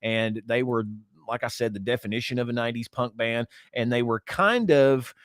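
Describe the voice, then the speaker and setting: A man's voice: mid-range voice, normal speed, no room sound, studio quality. A middle-aged man, co-hosting a podcast in casual chat, rambling with many fillers and restarts. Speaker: podcast co-host.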